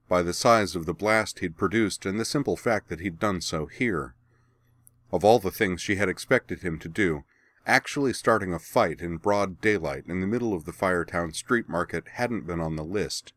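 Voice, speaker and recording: A man giving steady, measured scripted narration of a story. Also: low voice, dry recording.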